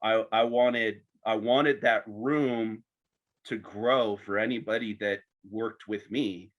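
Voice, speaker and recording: A man's voice: lowish voice, fairly even intonation, slow pace, highs cut off. A man hosting a podcast, asking questions in a chatty, joking way with some false starts. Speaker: podcast host. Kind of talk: casual interview chat.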